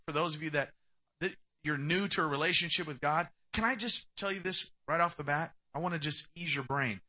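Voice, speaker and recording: Young male pastor, sermon delivery, high and very bright voice, emphatic. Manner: emphatic preaching, acts out quoted speakers.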